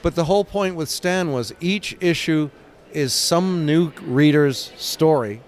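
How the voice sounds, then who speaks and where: An older man from England, a comic book writer being interviewed, telling stories with lively sound effects and acted-out quotes. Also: a little high, a little slow. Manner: animated, acts out scenes with sound effects and quoted voices. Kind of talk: casual interview storytelling.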